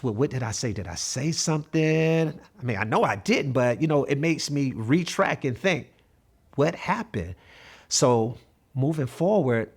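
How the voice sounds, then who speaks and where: A man in his fifties, a math coach, telling stories in an interview in an earnest way and acting out the dialogue. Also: mid-range voice. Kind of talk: interview storytelling.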